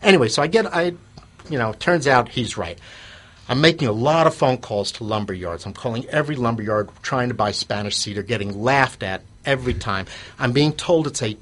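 A man's voice: medium pitch, expressive, fairly quick, a bit bright. A man telling an anecdote in an interview, rambling with restarts and fillers and chuckling at himself. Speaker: guest telling his business story.

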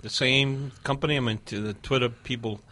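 A man's voice: medium pitch, fairly even intonation, fairly quick, sharp tone. A man appearing as a guest on a casual radio talk show in a studio, explaining things in an easygoing way.

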